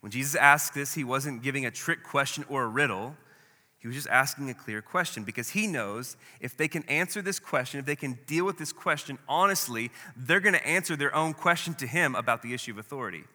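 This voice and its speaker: Bright-voiced male preacher in a reverberant hall. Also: mid-range voice, fairly quick. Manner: dramatic, acts out the voices of the people in the story. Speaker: pastor. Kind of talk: sermon.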